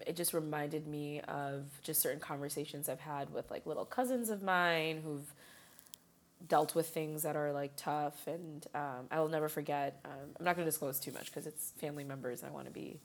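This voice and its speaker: A woman's voice: low-pitched, moderate pace. A woman from Chicago chatting casually, telling stories animatedly with frequent laughs and fillers. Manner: animated storyteller, laughs often, many fillers. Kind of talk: casual chat.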